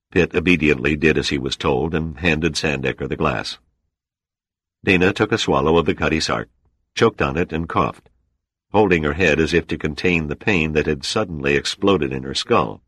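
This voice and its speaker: A male audiobook narrator with an extremely deep voice, reading in a steady, measured way. The recording is dry and close, with no room sound. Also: no room sound. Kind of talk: scripted narration.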